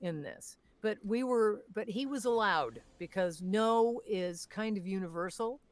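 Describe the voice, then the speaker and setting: A woman with a mid-pitched voice chats as a guest on a voice-acting panel. She tells stories expressively. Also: a little slow, no echo. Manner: expressive storyteller who acts out quotes. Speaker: voice actor guest. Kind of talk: casual panel chat.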